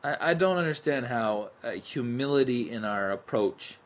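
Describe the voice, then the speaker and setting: A man's voice: mid-range voice, lively intonation, normal speed. A man co-hosting a casual chat, sarcastic and exasperated. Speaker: podcast co-host.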